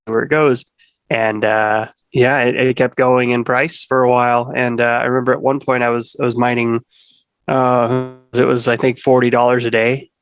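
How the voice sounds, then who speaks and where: A man speaking as a podcast guest in casual conversation, rambling with many restarts and fillers. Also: mid-range voice.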